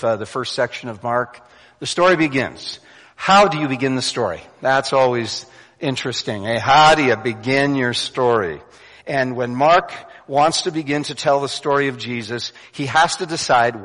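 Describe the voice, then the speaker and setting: A male preacher giving a sermon, animated and acting out voices, then dropping to hushed emphasis. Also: mid-range voice. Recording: long hall reverb.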